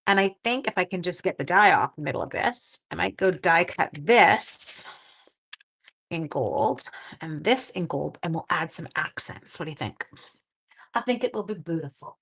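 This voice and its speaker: A woman's voice: lowish voice, lively intonation, normal speed, vocal fry, fairly bright tone, husky, poor audio. This is a woman in her forties who hosts a crafting livestream. She talks to her viewers in a chatty, upbeat and casual way, and she sounds like she is at home in her craft room. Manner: chatty and enthusiastic, talking to live viewers. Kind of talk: casual live-stream chat.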